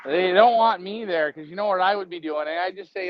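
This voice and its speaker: A man with a high voice co-hosts a casual live stream, talking a little fast, rambling, joking, and laughing often. The audio is dry, dull, lo-fi stream sound with no echo.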